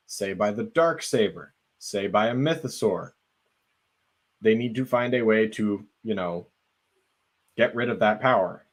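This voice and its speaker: A man co-hosting a podcast, earnestly laying out a fan theory at length in casual conversation. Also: medium pitch. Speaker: podcast co-host.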